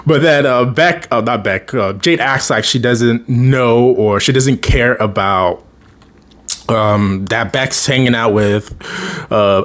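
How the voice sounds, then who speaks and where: A man's voice: medium pitch, a bit bright. A man casually recapping a TV episode in a rambling way, chuckling often and acting out the characters' lines. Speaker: TV episode reviewer.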